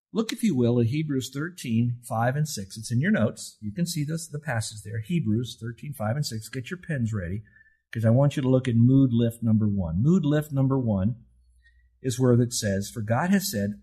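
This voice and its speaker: A middle-aged man, a pastor preaching a sermon in an earnest way, whose voice climbs higher and louder when he quotes scripture. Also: slightly rough, rough recording. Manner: earnest, rises in pitch and force when quoting scripture.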